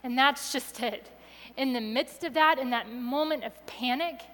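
A woman telling a personal story to an audience with expressive delivery, going soft and quiet at the tense moments. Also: sits high, measured pace, big-room sound.

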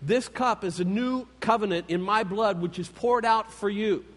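A man's voice: high-pitched, normal speed, long reverb tail, close to an everyday voice. A man voicing Jesus speaking earnestly to his followers in a sermon retelling. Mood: solemn. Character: warm, solemn Jesus addressing followers.

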